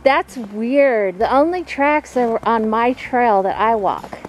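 A woman with a drawl talks her way through snowy woods, breathless and quick to laugh. She chats to herself like she's talking to a friend. The outdoor recording carries a clear hiss of noise from the handheld camera. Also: a little high. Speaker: vlogger. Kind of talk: casual outdoor vlog.

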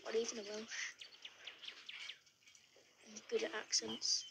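A man's voice: high voice, completely flat delivery, takes it slowly, vocal fry. A British man chatting playfully on a live stream, jumping between topics. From Britain. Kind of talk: casual live-stream chat. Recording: noisy stream audio.

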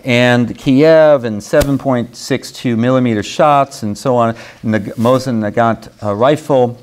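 A man's voice: mid-range voice, a little slow, a little mellow. A man teaches a university writing seminar in a classroom, with an everyday mid-range voice. He rambles, restarts phrases and keeps tossing "okay?" at his students. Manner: rambling, frequent restarts and "okay?" check-ins. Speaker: creative writing professor.

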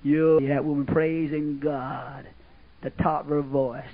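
A man's voice: a little high, flat delivery, unhurried. An older man preaching a folksy, rambling sermon at a camp meeting. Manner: folksy, rambling, sudden shouts and laughs. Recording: muffled lo-fi old tape, narrow band.

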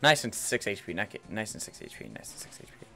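A man's voice: lowish voice, expressive, quick pace, gravelly, sharp tone, soft background music. A man giving casual game commentary as a let's player, rambling and playful, repeating words, on a headset mic.

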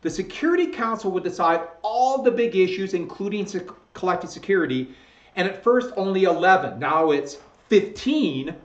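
A man's voice: sits high, animated, moderate pace. A man teaching history from slides, talking casually and correcting his own slips as he goes. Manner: conversational, self-correcting, chuckles at own slips. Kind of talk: recorded slideshow lecture. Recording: echoey room, dull lo-fi sound.

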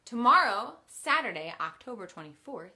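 A young woman teaching kindergarten online from her home. Her voice is bright and ringing, a little high, and it swoops up and down as she leads cheers in a sing-song way. She sounds slightly out of breath. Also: very animated, normal speed. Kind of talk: online class for young children.

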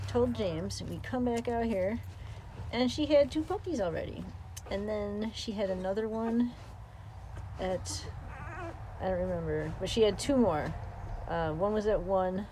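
Woman pet vlogger, easygoing and chatty, baby talk for the pups, slow mellow delivery. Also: slight background noise. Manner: chatty, coos in high baby talk at the puppies. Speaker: vlog host filming her dog's new litter. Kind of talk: casual vlog chat. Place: beside a whelping area at home.

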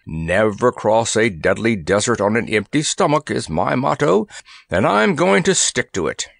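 A man voicing a pompous, grumpy male elephant in a storybook, with a gruff, sarcastic, grumbling manner. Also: lowish voice, sing-song, normal speed, dry recording, studio quality, exaggerated voice. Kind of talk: audiobook character voice.

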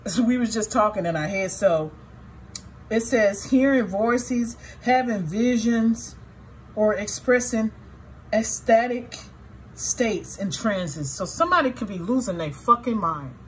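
At a measured pace and in a mid-range voice, a tarot reader gives a reading with a little hiss or hum in the background. She talks directly to her viewers in blunt, often profane terms, veering between sadness and indignation.

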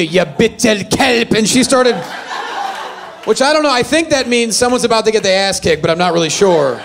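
Lively high-voiced man doing stand-up. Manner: animated, self-deprecating storytelling. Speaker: stand-up comedian. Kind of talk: stand-up comedy set. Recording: live venue with faint audience.

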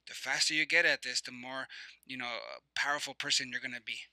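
Bright-voiced man coaching listeners. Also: medium pitch, brisk, no room sound, poor audio. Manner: repetitive, guiding listeners with questions and breathing cues; conversational with many fillers and restarts. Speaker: motivational coach. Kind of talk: motivational teaching talk.

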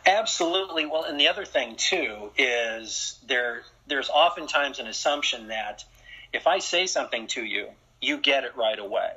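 A man who works as a strength and conditioning coach, a guest in an interview, explaining his views in a measured way. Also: mid-range voice, animated, sharp tone, slightly rough. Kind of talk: interview conversation. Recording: dull lo-fi sound.

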